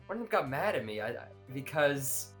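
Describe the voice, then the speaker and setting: A woman chatting casually as a podcast guest, animated and often breaking into silly high voices. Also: brisk, faint music behind.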